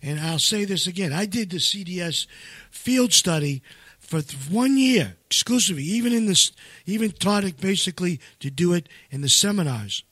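In a casual promotional chat, a man who leads seminars and co-authored a book talks in a meandering way, restarting often, using fillers, and stressing his main points forcefully. He sounds high-pitched, animated, a bit bright and husky, at moderate speed, recorded dry.

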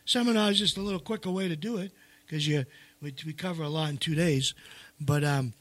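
A man with a fairly high voice talks in a loose, rambling flow, stacking restarts and fillers, then leans hard into the points he cares about. The recording is dry and close, with no room sound around him. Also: brisk, no room sound. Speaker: seminar leader and co-author. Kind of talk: casual promotional chat.

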